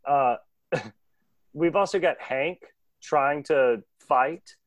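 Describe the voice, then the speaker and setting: A man casually recapping a cartoon episode with a co-host, animated and laughing often. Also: on the high side, no room sound. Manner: animated, laughing, doing quick voices. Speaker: podcast co-host.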